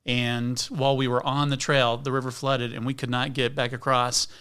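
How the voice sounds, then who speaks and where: A middle-aged man, a podcast guest, telling an outdoor story in a lively, casual way and acting out the scenes. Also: mid-range voice, moderate pace, smooth. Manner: animated storyteller, acts out scenes. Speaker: guest, backpacking video creator.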